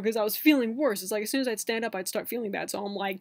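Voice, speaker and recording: A man's voice: high-pitched, steady tone, quick pace, few pauses, dry recording. A young man telling a story on his vlog in a casual, chatty way, full of fillers and laughs. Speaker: vlogger.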